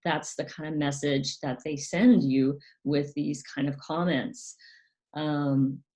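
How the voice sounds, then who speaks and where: A woman hosting a casual educational talk, speaking softly with many ums and acting out quoted parents in a higher voice. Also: steady tone, slow pace. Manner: soft-spoken, frequent ums, quotes parents in a higher, sharper voice. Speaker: channel host.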